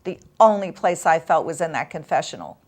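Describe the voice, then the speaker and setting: Low-voiced woman telling her story, emotional. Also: lively intonation, a little mellow. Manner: emotional, halting, with long pauses. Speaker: interview guest. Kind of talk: personal storytelling in an interview.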